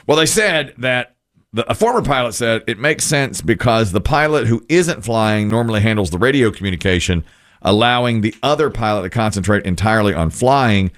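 A man hosting a talk show, telling stories in an animated, self-mocking way. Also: fairly low pitch, fairly quick. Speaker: radio show host. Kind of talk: casual storytelling chat.

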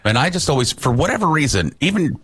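A man's voice: a little high, sing-song, fast talker, a bit bright, husky. A man co-hosting a casual chat, retelling a friend's anecdote. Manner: retells anecdotes with acted quotes.

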